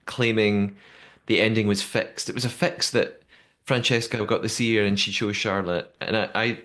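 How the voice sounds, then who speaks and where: Here the podcast co-host has a fairly low, a bit bright voice with fairly even intonation and normal speed. He chats casually, reads listener messages aloud, and frequently restarts sentences and repeats words.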